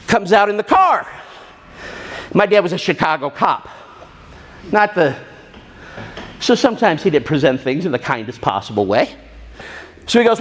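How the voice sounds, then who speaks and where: High-voiced animated male storyteller. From Southern Illinois. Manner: animated, acts out his own inner voice. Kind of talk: storytelling talk to an audience.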